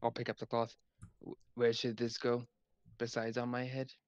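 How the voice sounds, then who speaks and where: A man's voice: medium pitch, monotone, normal speed, no room sound. A man speaking in character in a tabletop game, nervous and apologetic, with frequent laughs. The recording is dull and dry, like a home mic with little room sound. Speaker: player. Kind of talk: in-character tabletop role-play.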